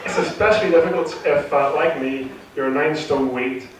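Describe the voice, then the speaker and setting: A man with a slightly high voice speaks at normal speed during his debut stand-up set in a theatre with a live audience. He's nervous and rambles, using lots of fillers and restarting often. The recording is very noisy, taken from far off in an echoing hall.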